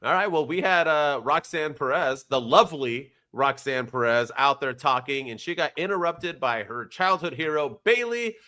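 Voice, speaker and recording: A man's voice: a little high, lively intonation, moderate pace, hardly any pauses, pushed and bright. A man co-hosting a casual wrestling podcast, talking animatedly and firing off questions at his co-host.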